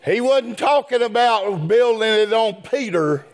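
Here a man's sermon swings from fast, low-voiced asides to drawn-out shouts, all in a chanted, whooping manner. Folksy phrasing and appeals to "brethren" run throughout, carried by lively intonation.

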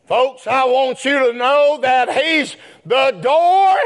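A man preaching a sermon, rising into chanted shouts. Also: extremely high pitch, extremely slow.

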